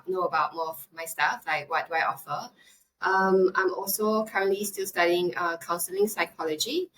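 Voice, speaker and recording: A woman's voice: on the low side, fairly bright tone, slight background noise. A woman co-hosting a casual podcast chat, talking in a chatty, slightly nervous way. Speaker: podcast co-host.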